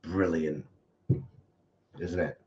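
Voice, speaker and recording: Deep-voiced teasing man. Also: level tone, drawn-out words, darkish tone, lo-fi sound. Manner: teasing, dry jokes. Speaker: co-host of a live stream. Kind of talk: casual live stream chat.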